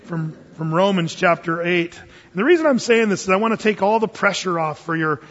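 High-voiced pastor preaching in a hall. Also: male voice, brisk. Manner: conversational storytelling, animated with frequent restarts. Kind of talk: sermon. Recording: long hall reverb, dull lo-fi sound.

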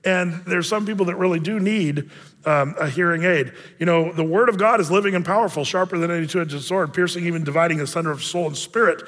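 A man's voice: sits high, brisk, fairly bright tone, in a large hall. A male pastor giving a sermon in a church, telling stories casually with self-deprecating humor. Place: church sanctuary.

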